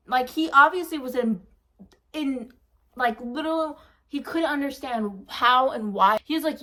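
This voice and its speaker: A woman's voice: high-pitched, moderate pace, sharp tone. A young woman in her twenties chatting casually, retelling an exasperating story with lots of quoted dialogue. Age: 20s. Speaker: vlogger. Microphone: phone camera.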